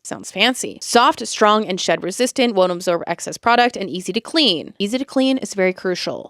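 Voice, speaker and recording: A woman's voice: mid-range voice, lively intonation, normal speed, hardly any pauses, a bit bright, dry recording, studio quality. A young woman with a Canadian accent hosting a casual beauty podcast, chatty and full of asides. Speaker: podcast host.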